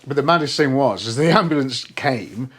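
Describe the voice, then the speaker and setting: Swearing, animated male storyteller. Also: mid-range voice, normal speed, husky. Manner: animated storyteller, swears freely, acts out quoted speech. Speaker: podcast co-host. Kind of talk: casual chat.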